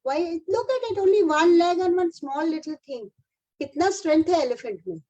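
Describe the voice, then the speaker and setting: A woman's voice: very high-pitched, lively intonation, normal speed, dark tone, dull audio. A woman with an Indian English accent giving a motivational keynote to teachers, encouraging them as if speaking to her own class. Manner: encouraging, addresses audience like a class.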